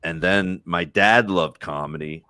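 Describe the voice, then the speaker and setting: Middle-aged male comic, deep dry voice, loose rambling storyteller. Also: unhurried, bright, forceful tone, clean tone, no room sound. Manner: rambling joke-telling with restarts. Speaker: comedian guest. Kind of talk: casual chat on a live podcast.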